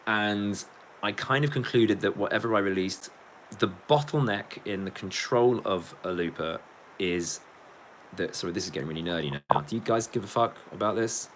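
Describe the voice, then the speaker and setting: An English man, a musician, chats casually on his livestream in a lowish, fairly bright voice at a moderate pace. He rambles, jokes, swears and reads viewer comments aloud. The recording is low quality, with slight background noise.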